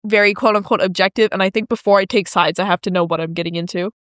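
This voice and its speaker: A teenage girl talking in a casual chat with her father, quick, chatty and sarcastic, often giggling. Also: mid-range voice, fairly even intonation, a bit bright, no echo, clean studio sound. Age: teens. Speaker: guest, the host's daughter.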